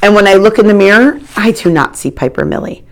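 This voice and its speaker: A woman's voice: medium pitch, animated, fast talker, voice pushed up, natural voice. A woman voicing a snooty, boastful schoolgirl rival who talks in a sneering, smug way.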